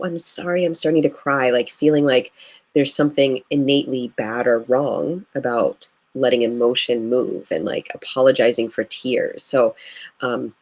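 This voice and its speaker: A woman's voice: rumbling low, a little mellow, slightly rough. Earnest woman grief guide, reflective. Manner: earnest and reflective, with many "you know" fillers. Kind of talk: live video interview.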